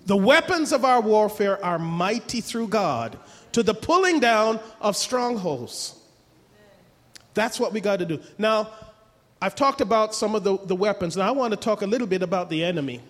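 Male preacher, high voice, emphatic sermon, rhetorical questions, reverberant hall. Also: expressive, normal speed, a bit bright.

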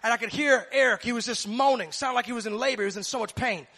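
High, gravelly-voiced fervent preacher man. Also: quick pace, pushed and bright. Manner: fervent, repetitive preaching cadence. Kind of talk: sermon.

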